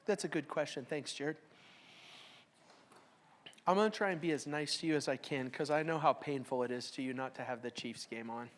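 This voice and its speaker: A woman's voice: deep voice, fairly quick, long pauses. A middle-aged woman teaching a Bible study class. She reads verses aloud with strong emphasis, then explains them in a casual, joking way.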